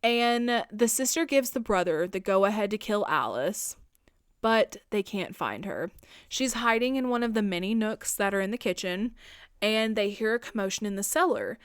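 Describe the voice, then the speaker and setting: A woman's voice: medium pitch, expressive, clear, resonant tone, dry recording, studio quality. Chatty, profane woman recapping a movie. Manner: chatty and profane, retelling scenes with quick put-on quotes. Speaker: podcast host. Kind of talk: casual film recap.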